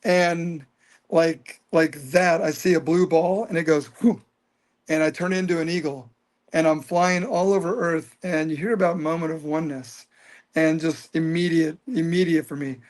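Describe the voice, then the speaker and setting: A man in his fifties telling a personal story as an interview guest, earnest and animated. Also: a little high, moderate pace. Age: 50s.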